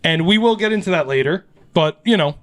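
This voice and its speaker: A man hosting a podcast, his voice sitting a touch high. He retells an urban legend in loose, animated chat, swearing and laughing often. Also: fairly quick. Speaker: podcast host. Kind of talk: casual storytelling chat.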